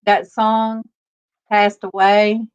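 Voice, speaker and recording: A woman hosting a casual faith-based livestream, telling stories slowly with many fillers over a video call. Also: medium pitch, flat delivery, clear, resonant tone. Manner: rambling, warm storytelling with many fillers. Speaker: livestream host. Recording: dull lo-fi stream audio.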